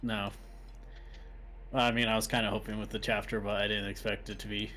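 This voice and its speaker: A man's voice: on the low side, flat delivery, fairly quick, bright, forceful tone. A man co-hosting a let's play in casual chat, talking things through aloud and laughing easily.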